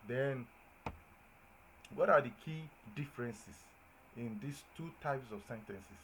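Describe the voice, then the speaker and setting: A man giving a grammar lesson at a medium pitch, stressing his examples with lively emphasis and checking that his listeners follow. A faint hiss of noise sits behind his voice. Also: slow, rough recording. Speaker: teacher. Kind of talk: classroom-style grammar lesson.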